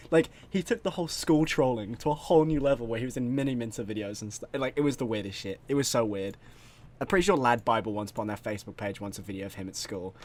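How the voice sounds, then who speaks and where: A man co-hosting a casual podcast, telling school stories and acting out quotes. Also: mid-range voice. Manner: animated storytelling, acts out quotes. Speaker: podcast co-host. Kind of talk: casual chat.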